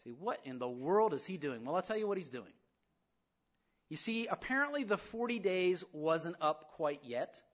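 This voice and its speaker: A man preaching a sermon in an animated way, acting out the voices of the people he talks about. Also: fairly high pitch, normal speed, lo-fi sound. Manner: animated preaching, acts out voices, rising to loud emphasis. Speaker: pastor.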